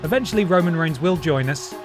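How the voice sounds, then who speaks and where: While streaming a wrestling video game, a man chats casually with his viewers, joking as he goes and talking to chat and the mods. His voice is a little high, expressive, and fairly quick, with music in the background.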